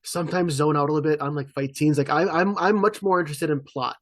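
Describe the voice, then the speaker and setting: A man co-hosting a podcast, chatting casually in a rambling way with quick asides. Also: fairly high pitch, dry recording. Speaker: podcast co-host. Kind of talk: casual chat.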